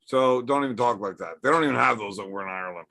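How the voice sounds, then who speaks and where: A man's voice: medium pitch, fast, gravelly, bright, forceful tone. A man hosting a casual livestream from home, bantering with chat in a joking, profane way. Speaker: livestream host.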